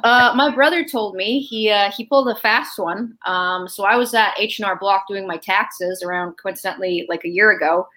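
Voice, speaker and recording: Woman, interview guest, lively storyteller, mid pitch, acts out dialogue. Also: normal speed, hardly any pauses, poor audio. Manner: animated, acts out quoted dialogue.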